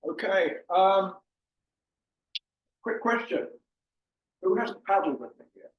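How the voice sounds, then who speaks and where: An older man talks through his slides in a loose, joking way, filling pauses with ums. His voice sits a little high and comes from some distance off. The room echoes, and the sound is muffled. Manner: jokey, chatty, with many ums. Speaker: presenter. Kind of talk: informal slide presentation. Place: meeting room with an audience. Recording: far-off mic, roomy and muffled.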